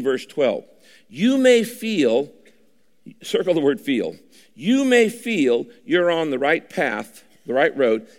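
A man preaching a sermon, emphatic, repeating key phrases and slowing down to read scripture. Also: mid-range voice, creaky, long reverb tail. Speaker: pastor.

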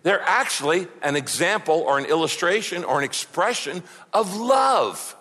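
Pastor guy preaching, earnest and chatty, repeats himself a lot, kinda high voice, echoey church. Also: animated, normal speed, fairly bright tone. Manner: earnest and conversational, repeats words for emphasis. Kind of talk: sermon.

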